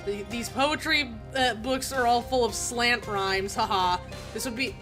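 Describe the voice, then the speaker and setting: A young woman streaming a video game, commenting excitedly and gushing, with bursts of loud laughter. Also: a little high. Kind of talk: live gameplay commentary.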